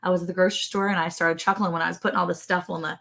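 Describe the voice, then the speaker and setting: A woman's voice: lowish voice, level tone, racing, gravelly, fairly bright tone. A woman co-hosting a ranch livestream, chatting casually, laughing often and yawning. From Texas. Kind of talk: casual live-stream chat.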